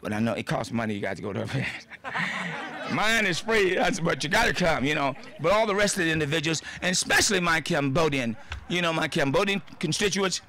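Older male honoree, folksy and joking, bright voice, raised pitch, outdoor ceremony speech. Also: animated, fairly quick. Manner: folksy, joking, heartfelt, rambling with laughs. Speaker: honoree giving a dedication speech. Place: outdoor sports field.

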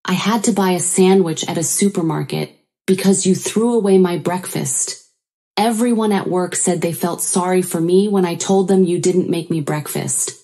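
A woman's voice: fairly low pitch, moderate pace, warm tone, lightly acted. Woman reading as a dismissive, blaming husband. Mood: indignant. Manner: defensive, blaming. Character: dismissive, self-pitying adult husband.

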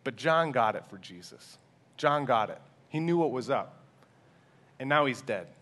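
A man's voice: medium pitch, animated, measured pace, a bit bright. A man in his twenties preaching a sermon in a church, humble and earnest, often restarting his sentences. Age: 20s. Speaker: pastor.

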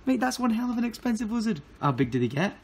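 Excitable young man. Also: high-pitched. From England. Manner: excitable, laughing, quick exclamations. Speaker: vlogger. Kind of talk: casual vlog chat. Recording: faint background noise.

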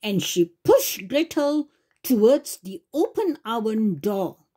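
Woman reading a kids fairy tale super slowly, bouncy pitch, a bit husky. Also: very animated, dark tone. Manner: slow, sing-song, with self-corrections. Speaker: children's channel storyteller.

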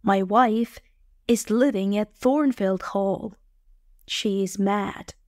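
Storybook: woman reads a proud tormented gentleman, slow and dry. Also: mid-range voice, no echo, natural voice. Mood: tense. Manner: plain, slow, measured reading. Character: proud anguished man, master of the house.

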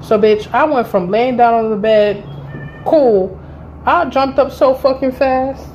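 A woman of thirty vlogging a casual storytime indoors by a window, blunt and profane, telling it with animated energy. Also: a little high, unhurried, highs cut off, a little hiss or hum.

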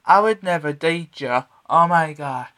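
A man's voice: fairly high pitch, unhurried, pushed and bright. Sassy young man, sung taunts. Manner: sassy, taunting, repeats lines in stuttering loops. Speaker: singer. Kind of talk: sung pop track with spoken-sung verses.

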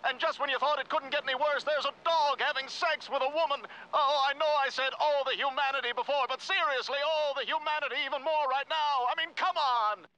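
An actor playing a breathless, frantic old-time radio reporter who narrates a disaster in exaggerated cartoon style. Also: male voice, very high voice, fairly even intonation, a little fast, few pauses, rough recording. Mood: aghast. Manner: breathless, exaggerated news commentary. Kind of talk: cartoon voice acting.

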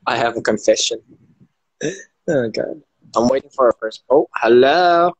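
A man's voice: medium pitch, a little slow, slightly rough, dry recording. Playful man hosting a phone livestream. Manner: playful, teasing, swears casually. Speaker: livestream host. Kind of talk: casual live-stream chat with fans.

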